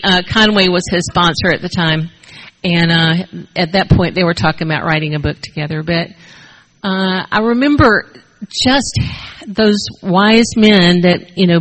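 An older woman sharing her personal story with a group at a recovery meeting, speaking haltingly with many fillers into a shared mic. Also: lowish voice, poor audio. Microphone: shared handheld mic.

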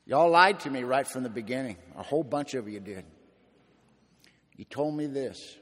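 A man's voice: medium pitch, expressive, moderate pace, fairly bright tone. A man speaking at a recovery meeting, telling his story with gritty slang and dry humor. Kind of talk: personal testimony talk. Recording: echoey hall.

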